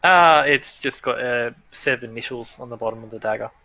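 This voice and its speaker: Bright-voiced man running a tabletop game. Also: medium pitch, a little fast, no echo, poor audio. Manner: easygoing, chatty, laughs often. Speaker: game master.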